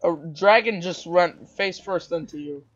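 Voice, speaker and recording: A young man casually chatting while playing a game, loud, excitable and trash-talking, heard over a muffled voice chat. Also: high voice, measured pace. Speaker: gamer.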